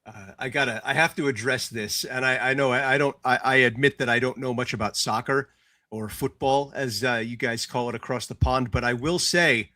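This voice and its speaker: A man's voice: medium pitch, fairly even intonation, brisk, sharp tone. A man hosting a casual podcast chat, talking in chatty bursts with frequent stammering restarts. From United States. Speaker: host.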